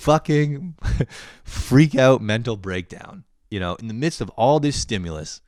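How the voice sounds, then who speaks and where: A man's voice: mid-range voice, a little slow, dry recording, studio quality. A young man ranting comedically, swearing a lot and laughing often. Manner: profane, animated, laughs often. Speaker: host. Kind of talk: comedic monologue rant.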